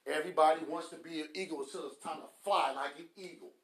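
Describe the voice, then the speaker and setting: A man hosting a motivational podcast about relationships. He speaks in an emphatic, preacher-like cadence, pushing rhetorical questions and swinging between soft and loud. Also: fairly high pitch, quick pace, reverberant. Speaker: podcast host.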